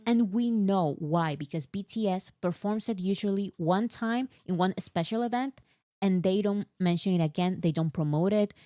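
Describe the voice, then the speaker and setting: A woman co-hosting a casual fan chat, talking in an animated, exasperated way with lots of fillers. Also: mid-range voice, moderate pace, no echo, clean studio sound. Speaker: co-host.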